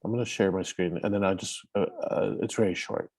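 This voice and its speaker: Halting, low-voiced man on a video call. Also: fairly even intonation, a little mellow. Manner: hesitant, halting with many fillers. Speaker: roundtable participant. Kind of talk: casual discussion.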